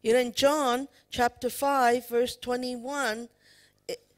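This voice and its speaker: This preacher's voice is a little high and level in tone, and she takes her time. Preaching emphatically during a church worship service, she asks the congregation questions and peppers her speech with "you know."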